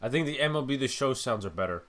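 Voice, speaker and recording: A man's voice: medium pitch, expressive, fast talker, fairly bright tone. A young man co-hosting a podcast, reacting live to a ballgame, cheering and swearing casually. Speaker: podcast co-host. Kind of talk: live game-watching reaction chat.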